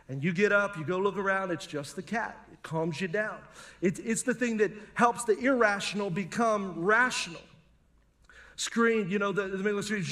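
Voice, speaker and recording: A man's voice: high-pitched, brisk, a bit bright. A middle-aged male pastor, preaching a sermon in a conversational, humorous storytelling manner. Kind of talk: sermon with personal stories.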